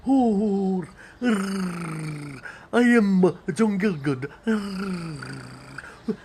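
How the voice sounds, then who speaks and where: A man's voice: high voice, animated, drawn-out words, darkish tone, slight background noise, voice pushed up, full character voice. A man doing an impression of a pompous old Shakespearean stage actor, drawling and rolling his r's. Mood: grandiose. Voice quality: theatrical rolled r's, drawling.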